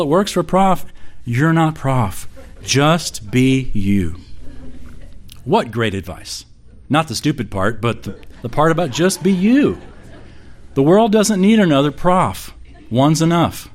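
A middle-aged man preaching a sermon in a conversational, storytelling way, acting out quoted voices. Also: medium pitch. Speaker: pastor.

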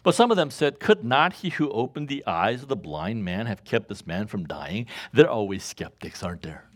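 A man preaching a sermon, reading scripture and asking the congregation to finish his lines, chuckling often. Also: normal speed. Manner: call-and-response questions to congregation, chuckles often; reads scripture aloud, rises in pitch when animated. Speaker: pastor.

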